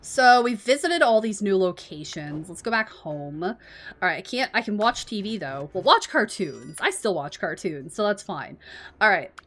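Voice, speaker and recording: Casual woman streamer with a lively pitch. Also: normal speed, faint music behind. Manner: reads game text aloud, casual swearing. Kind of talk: casual gameplay commentary.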